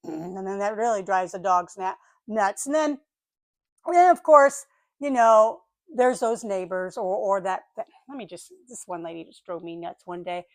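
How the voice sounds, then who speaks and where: An older woman chatting casually on her vlog, telling a story in an animated way and acting out the voices of the people and animals in it. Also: medium pitch, normal speed, no echo. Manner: animated, acts out voices of dogs and neighbors. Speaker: vlogger.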